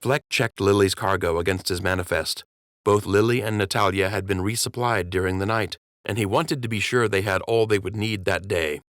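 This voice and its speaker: A man reading an audiobook as narrator in measured, even storytelling. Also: fairly low pitch, no echo, studio quality. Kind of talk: scripted narration.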